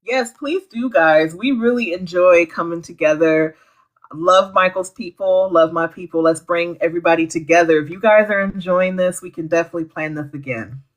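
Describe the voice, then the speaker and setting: A woman's voice: on the low side, normal speed, poor audio. A woman hosting a live astrology stream, reading out viewer comments in a bubbly, slangy way and laughing easily.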